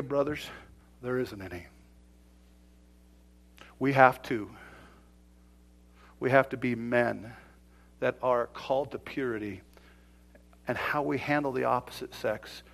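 A middle-aged pastor preaching a sermon in a conversational way, dropping to near whispers and rising to loud exclamations. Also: male voice, mid-range voice.

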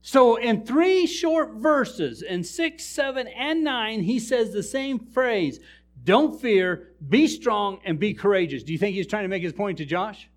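The pastor speaks a little slowly in a high-pitched male voice during his church sermon. Animated and humorous, he tells funny stories and jokes with the people in the pews.

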